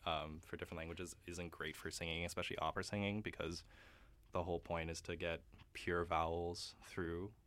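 A man's voice: low voice, level tone, brisk, fairly bright tone. A young man, a guest opera singer, chatting casually in a radio interview, laughing often and using many fillers.

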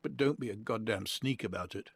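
A man's voice: on the low side, fairly quick, vocal fry, husky. A man doing an earnest, odd young man. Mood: irritable. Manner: gentle, teasing, then curt and touchy.

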